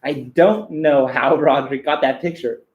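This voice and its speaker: A man giving a deadpan, mock-serious reading of a children's book on a live stream, breaking off for crude asides. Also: medium pitch, normal speed, roomy sound, highs cut off.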